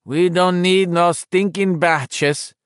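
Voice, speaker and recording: A man's voice: sits high, fairly even intonation, slow pace, clean tone, no room sound, clean studio sound, voice pushed up. A man voicing a hurt grown man who mutters in a sleepy, irritable voice. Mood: groggy.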